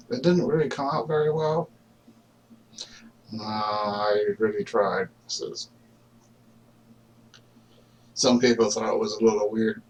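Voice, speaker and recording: A man rambles through a casual, argumentative monologue, stopping often to restart his thoughts with fillers. He talks slowly at a middling pitch. His voice comes from some distance away from the mic. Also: a little mellow. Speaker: vlogger.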